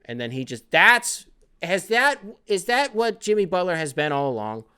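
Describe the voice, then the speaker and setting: A man's voice: high-pitched, moderate pace, smooth. A young man hosting a casual sports podcast, rambling between topics with lots of swearing. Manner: rambling, animated, profane, jumping between topics. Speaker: podcast host.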